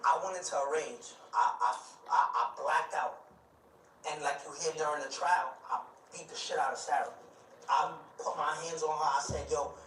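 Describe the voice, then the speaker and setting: A man with a high voice tells a heated personal story, voicing both sides of every exchange and stumbling over repeated words. The recording sounds roomy and distant, with faint noise underneath. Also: steady tone, fairly quick, a bit bright. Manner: acts out quoted dialogue, repeats words, restarts. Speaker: storyteller recounting his past.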